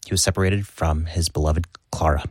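Deep-voiced man announcing on radio. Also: steady tone, fairly quick, darkish tone, no room sound, studio quality.

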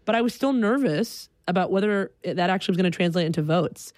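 A woman telling a personal story in an animated way, acting out the people in it. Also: on the low side, quick pace. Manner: animated, breaks into loud acted quotes.

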